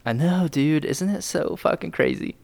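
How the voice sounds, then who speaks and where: A man's voice: a little high, moderate pace, gravelly, darkish tone. A young man co-hosting a podcast in casual chat, swearing often and laughing easily. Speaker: podcast co-host.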